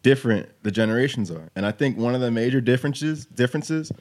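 In a mid-range voice with a darkish tone, this twenty-something podcast host talks fast. His casual, easygoing storytelling is packed with "like," "you know," and "you know what I'm saying."

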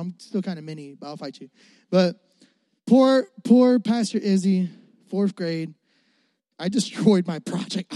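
Preaching in a comic sermon, a young Florida pastor shares a funny childhood story, playing his younger self in an animated, jokey way. His high-pitched voice comes through clean studio sound without echo.

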